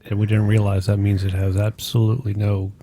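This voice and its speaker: A man chatting casually off to the side of a painting lesson, joking in a relaxed way. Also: lowish voice, fairly quick, crowd noise. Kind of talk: casual chat.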